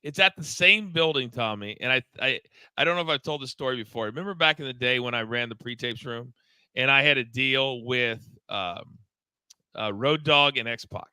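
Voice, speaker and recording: Bright, animated middle-aged man storyteller. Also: mid-range voice, normal speed, clear, resonant tone, no echo, poor audio. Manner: animated storyteller, stammers and repeats words. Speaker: podcast co-host, former wrestling coach. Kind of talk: casual wrestling talk-show chat.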